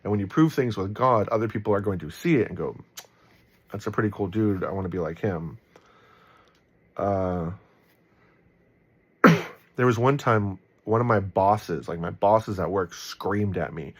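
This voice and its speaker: A man giving casual Bible commentary in a relaxed, rambling way, full of ums and likes, with a warm, encouraging tone. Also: fairly low pitch, a little slow, pauses often, breathy edge.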